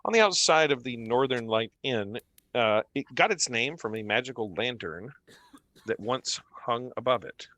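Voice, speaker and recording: A man's voice: medium pitch, expressive, moderate pace, sharp tone, dry recording. A man narrating as dungeon master, hesitating with many ums and uhs. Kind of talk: narrating a tabletop game.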